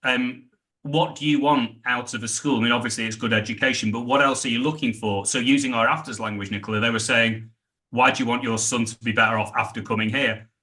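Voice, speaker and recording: A middle-aged British man, a sales trainer, telling animated stories in a podcast interview and acting out the dialogue. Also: mid-range voice, quick pace. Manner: animated anecdotes, acts out quoted dialogue.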